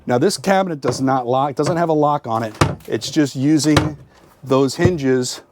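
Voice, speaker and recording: A man's voice: medium pitch, measured pace, background noise. A man casually giving a chatty, upbeat walkthrough of a motorhome at an RV show, pointing out features with frequent fillers. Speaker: RV travel vlogger giving a tour.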